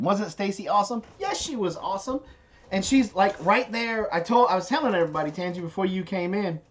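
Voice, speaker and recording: Mom rambling on a live stream, chatty, giggly, loose. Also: female voice, deep voice. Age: adult, a parent. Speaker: livestream host. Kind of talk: casual live-stream chat.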